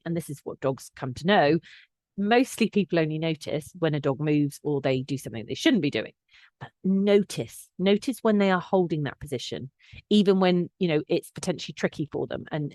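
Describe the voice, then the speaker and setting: Speaking in a low register with no audible room, this woman runs a podcast on dog training and specializes in collie behaviour. Her advice comes out casual and chatty, peppered with fillers and false starts, brightening whenever she plays out a quote.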